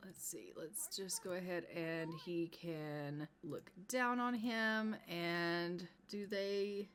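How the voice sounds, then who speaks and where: A woman casually commenting on her life-sim gameplay, chatty and full of "you know" fillers, in a fairly low voice. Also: takes it slowly, hardly any pauses, a bit bright. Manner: chatty, many "you know" fillers, narrates what characters do. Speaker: gameplay streamer.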